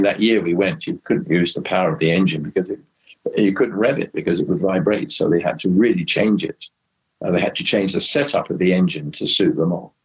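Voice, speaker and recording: A man's voice: sits low, slightly rough, dull audio. An older man, a former racing driver, telling rambling anecdotes in an interview with many restarts and asides. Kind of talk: anecdotal storytelling in conversation.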